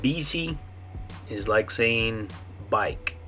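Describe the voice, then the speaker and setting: A man teaching a pronunciation lesson, saying each model word slowly and checking in often with the class. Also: mid-range voice, a bit bright, soft background music. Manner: slow, drawn-out model words with frequent "okay?" checks. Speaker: Spanish teacher.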